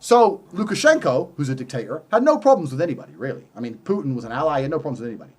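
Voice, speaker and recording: A high-voiced man rants fast and heatedly, swearing and piling on sarcasm. His pitch swings all over as he hammers his points home. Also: very animated, husky. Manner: heated, profane, emphatic, sarcastic. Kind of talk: conversational rant.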